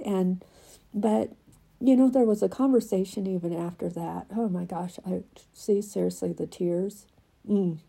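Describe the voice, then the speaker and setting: A woman with a crackly voice reads a devotional she wrote and then reflects on it, heartfelt and halting, sometimes sinking to a soft whisper. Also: mid-range voice, steady tone, gravelly, breathy edge. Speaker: devotional writer.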